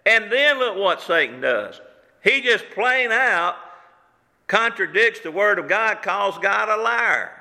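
Fervent high-voiced male preacher. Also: lively intonation, takes it slowly, vocal fry, pushed and bright, in a large hall. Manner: fervent, repeated rhetorical questions. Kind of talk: sermon. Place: church sanctuary.

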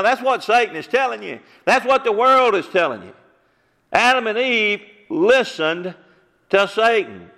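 A male preacher delivers a fervent sermon, pressing the same rhetorical questions again and again. His voice sits high and bright, ringing through a church sanctuary with a long, hanging reverb. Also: big pitch swings, a little slow.

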